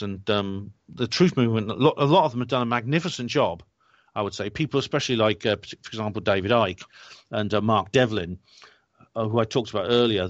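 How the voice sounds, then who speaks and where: Earnest male guest, halting speech full of fillers, dry muffled recording. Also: on the low side, no room sound. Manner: earnest, hesitant, many fillers and restarts. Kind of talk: interview talk. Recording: dry dull lo-fi audio.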